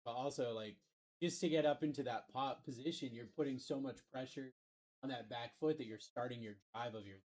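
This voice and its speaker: A man's voice: medium pitch, brisk, a little mellow. A man hosting a live card break stream, calling out picks and chatting casually. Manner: calls out picks, hypes spots.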